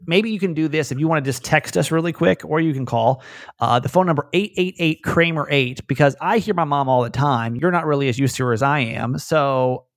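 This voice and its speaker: A man's voice: a little high, fairly quick, dry recording, clean studio sound. A man hosting a podcast, talking with a light Southern American accent in a rambling, self-interrupting way, often chuckling. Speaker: podcast host. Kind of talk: casual podcast chat.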